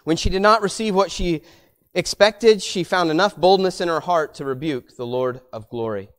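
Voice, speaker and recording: A man preaching a sermon as pastor, rising to loud emphatic peaks and dropping to quiet low asides, repeating words as he builds his points. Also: moderate pace.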